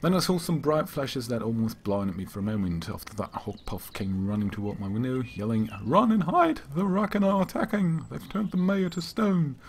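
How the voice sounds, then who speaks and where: A slightly hoarse man voicing a frightened young male village apprentice, breathless and pleading. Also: fairly low pitch, a little fast, hardly any pauses, darkish tone, slight background noise, lightly acted. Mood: anxious.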